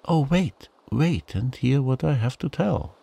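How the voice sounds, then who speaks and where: A man's voice: mid-range voice, lively intonation, a little slow, creaky, warm tone, pitched above the performer's own voice. A man voicing a boastful, greedy male goblin in a bedtime storybook, wheedling and insistent. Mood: pleading, boastful.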